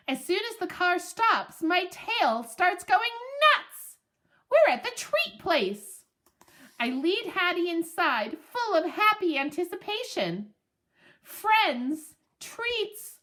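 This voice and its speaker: Slow, lively woman reading a storybook. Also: high-pitched. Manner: expressive and playful. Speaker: audiobook narrator. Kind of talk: storybook narration.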